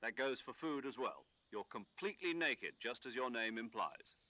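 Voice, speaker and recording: A crisp British military commander. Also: male voice, medium pitch, very animated, moderate pace, bright, forceful tone, no echo. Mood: instructing. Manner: crisp, instructive briefing. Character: commanding older male military officer on radio. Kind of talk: video game cutscene dialogue.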